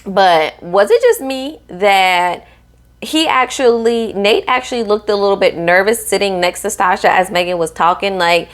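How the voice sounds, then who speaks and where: A woman with a lowish voice gives a casual, sassy recap of a reality TV episode. Animated and playful, she frequently acts out the cast members, quoting them in their voices.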